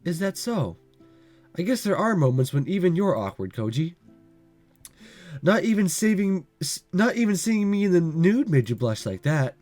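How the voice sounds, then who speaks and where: A man's voice: high-pitched, sing-song, normal speed, a little mellow, faint music behind. A man with a cold voicing an emotional teenage girl who confronts her childhood friend in a visual novel reading. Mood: teasing. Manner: pleading, rising to accusation. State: has a cold.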